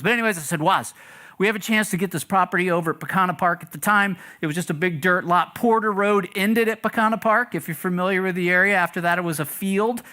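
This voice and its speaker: Middle-aged pastor guy, slightly high voice, chatty sermon storytelling in a church. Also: pushed and bright. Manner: conversational, chatty, asks the congregation questions. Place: church sanctuary.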